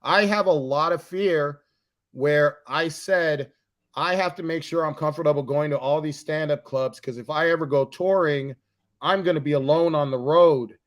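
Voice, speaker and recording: A man's voice: fairly high pitch, normal speed. A man, a comedian guest, talking candidly and profanely in a casual chat. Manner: candid, profane, bursts into laughter. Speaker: guest, comic writer and comedian.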